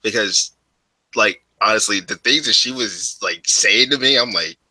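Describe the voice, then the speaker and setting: Bright, husky-voiced man chatting. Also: normal speed, no echo, low-quality recording. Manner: laughs often, mimics voices in high falsetto. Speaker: podcast co-host. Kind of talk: casual chat.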